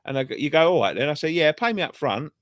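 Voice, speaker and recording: A man's voice: fairly high pitch, animated, quick pace, no echo. Male fan-channel presenter, casual pub-chat storyteller, heavy swearing, dry close recording. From England. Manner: sweary storytelling, rambling with restarts.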